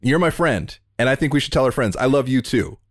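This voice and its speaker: A man hosting a podcast interview over a remote call, talking in an earnest, heartfelt way and in quick bursts. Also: mid-range voice, animated, no room sound, clean studio sound. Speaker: podcast host. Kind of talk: emotional interview conversation.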